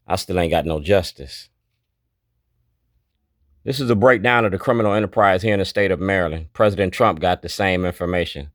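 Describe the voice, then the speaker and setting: An activist with a low-sitting voice narrates a walkthrough of his documentary, pointing things out one by one in a blunt, declarative way. The recording is studio quality with no room sound.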